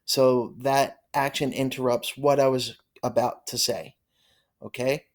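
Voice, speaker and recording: A man teaching an online English grammar lesson, explaining slowly and often checking in with "okay?" and "right?". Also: medium pitch, steady tone.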